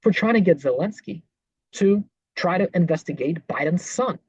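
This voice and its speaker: A podcast host offers political commentary over clips, firing back with indignant, sarcastic rebuttals. His husky, mid-range voice has a darkish tone and is animated at a normal speed, recorded dull, lo-fi and dry with no echo or room around it.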